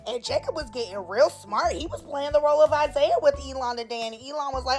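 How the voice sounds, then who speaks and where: A woman's voice: sits high, quick pace, few pauses, a little mellow, soft background music. A woman casually recapping a soap opera episode in a sassy, opinionated way and acting out the characters' lines. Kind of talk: casual chat.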